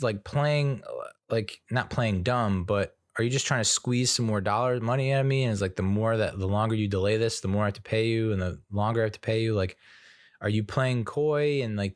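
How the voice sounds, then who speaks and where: A man's voice: lowish voice, no echo, studio quality. A man hosting his own podcast, talking in a rambling, casual way with lots of fillers and wry sarcastic asides. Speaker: podcast host. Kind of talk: solo casual podcast monologue.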